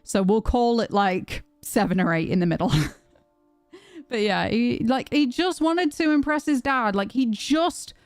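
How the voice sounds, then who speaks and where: A woman's voice: on the high side, a little slow, clear, resonant tone, no echo, faint music behind. A young woman streaming from home, chatting casually with viewers, swearing and reading their messages aloud. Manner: animated, swearing, reads chat aloud. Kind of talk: casual livestream chat.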